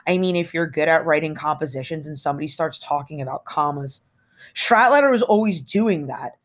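Woman reading a novel aloud, casually. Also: sits low. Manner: casual, sardonic, conversational. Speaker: audiobook reader. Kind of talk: first-person novel narration.

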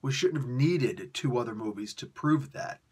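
A man reviewing comics on video in a ranting, sarcastic way, swinging between loud outbursts and quiet mutters, and sounding tired. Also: mid-range voice, lively intonation, normal speed, slightly rough. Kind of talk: animated solo video review.

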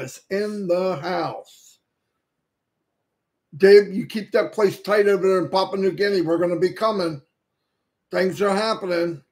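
Over a headset mic, a high-pitched man with a darkish tone hosts a casual livestream. He reads viewers' names one at a time to welcome them, sometimes stumbling over one.

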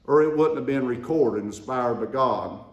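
Preacher in a roomy church. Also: male voice, mid-range voice, normal speed, dull audio. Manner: call-and-response preaching, rising to emphatic declarations. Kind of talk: sermon. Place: church sanctuary.

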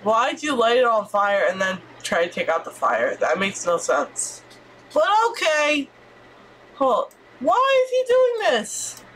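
A woman streamer giving excitable let's-play commentary, squealing and swearing as she reacts. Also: mid-range voice, unhurried, slight background noise.

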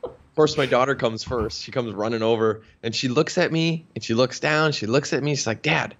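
With a medium-pitched voice and a slightly quick pace, a thirtysomething health practitioner from Minnesota guests on a casual interview. He's a lively storyteller who acts out the dialogue he quotes. The lo-fi recording sounds dull and carries a little hiss or hum.

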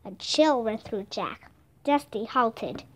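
A woman reading a children's chapter book aloud as a steady, careful narrator. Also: on the high side, takes it slowly. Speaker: storybook reader. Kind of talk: scripted narration.

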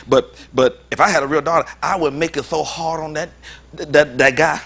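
A man's voice: a little high, steady tone, a little fast, creaky, a bit bright, slight background noise. A pastor preaching a sermon in a joking, informal way, often laughing as he talks. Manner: informal, colloquial speech.

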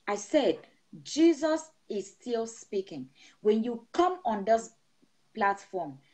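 A woman's voice: on the high side, a little mellow. Woman pastor chanting repetitive blessings. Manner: emphatic, repetitive blessing cadence. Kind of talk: sermon blessing over an online broadcast. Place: seated indoors.

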